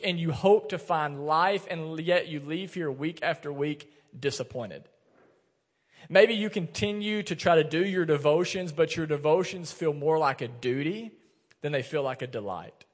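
A man in his thirties preaching a sermon, telling a family story in a relaxed, joking, conversational way. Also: a little high. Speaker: pastor. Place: church sanctuary. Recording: long church hall reverb.

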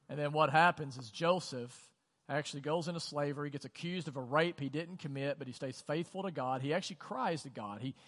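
A middle-aged man preaching a sermon as pastor, talking in a conversational way with many rhetorical questions and dropping to quiet, earnest tones. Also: fairly high pitch. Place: church auditorium. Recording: long reverb of a large hall.

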